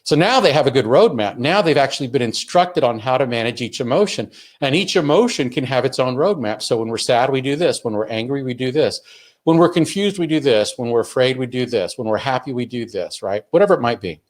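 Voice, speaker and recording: A man's voice: mid-range voice, lively intonation, brisk. An earnest man in the middle of an instructional talk. He lays out his points step by step, often restarting a sentence mid-thought as he explains. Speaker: webinar presenter on emotional learning.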